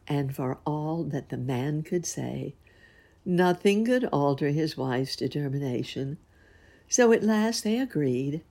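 A woman storyteller reads a folk tale slowly and gently. Her voice is low, mellow and slightly husky. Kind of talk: storybook reading.

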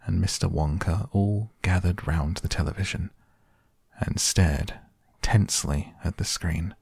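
A man narrating a children's story aloud in a measured, expressive storytelling manner. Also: deep voice, gravelly, breathy edge, no echo, studio quality. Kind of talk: scripted audiobook narration.

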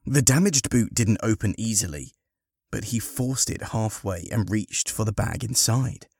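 A man narrating a storybook in a slow, measured, expressive way. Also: lowish voice, breathy edge, no room sound, studio quality.

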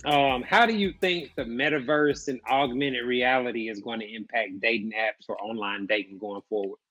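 A man's voice: mid-range voice, normal speed, bright, forceful tone, dull audio. A man hosting a podcast, asking his guest questions and chiming in with short agreements. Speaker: podcast host. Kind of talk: interview questions.

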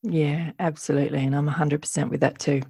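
A woman's voice: deep voice, fairly even intonation, fast talker, creaky, dark tone, breathy edge, no room sound, studio quality. A woman talking in a thoughtful, earnest way in casual conversation, sometimes acting out how animals react.

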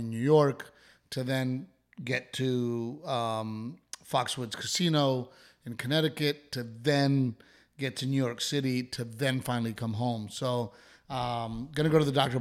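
A man co-hosting a podcast, feeling run down and a little ill, who tells long rambling stories in casual chat. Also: medium pitch. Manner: rambling, animated storytelling. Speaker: podcast co-host.

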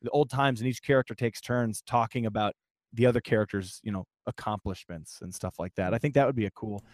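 A man's voice: fairly low pitch, fairly quick, no room sound, studio quality. A man hosting a casual podcast about tabletop games, easygoing and explanatory. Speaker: podcast host. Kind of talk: casual chat.

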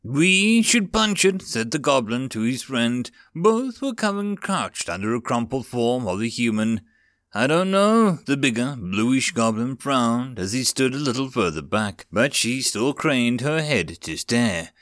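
Man reading a story with lively pitch. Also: unhurried, hardly any pauses, dry recording, studio quality.

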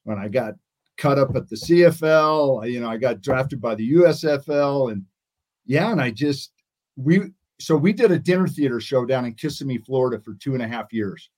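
A man's voice: mid-range voice, lively intonation, moderate pace, a little mellow. A man in his sixties, a guest in an interview, telling stories in a rambling way and often restarting his sentences. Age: 60s. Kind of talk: casual interview storytelling.

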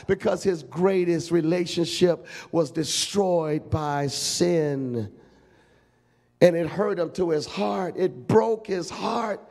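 Male pastor, fervent sermon, emphatic storytelling, gravelly, raised pitch. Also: a little mellow.

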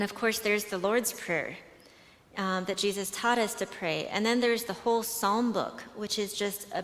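A woman's voice: medium pitch, a bit bright. A woman speaking at a conference in a chatty, conversational way, with many fillers and restarts as she tells stories. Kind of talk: conversational talk with storytelling. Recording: long hall reverb.

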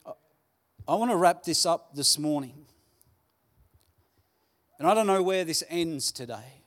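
A man preaching a Sunday sermon, earnest and pleading, with dramatic pauses. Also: fairly high pitch, expressive. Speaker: pastor. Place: church hall.

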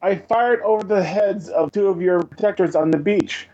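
A man's voice: high-pitched, dark tone, highs cut off. A man voicing a blunt, plainspoken male soldier in a tabletop game. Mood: guarded. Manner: plainspoken, halting.

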